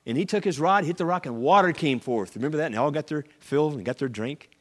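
A male pastor preaching a sermon, animated storytelling with acted-out voices and sudden shouts. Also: a little high, fast talker, in a large hall.

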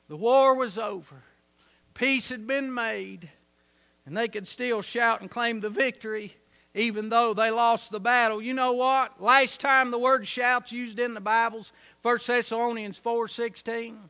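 High bright folksy preacher. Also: male voice, smooth. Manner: folksy preaching, swings from soft to shouting. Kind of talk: sermon.

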